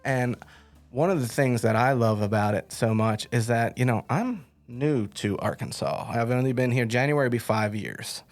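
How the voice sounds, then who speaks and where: A man's voice: medium pitch, normal speed, soft background music. A middle-aged man hosting an interview, chatting casually and telling stories with lots of fillers and restarts. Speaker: podcast host.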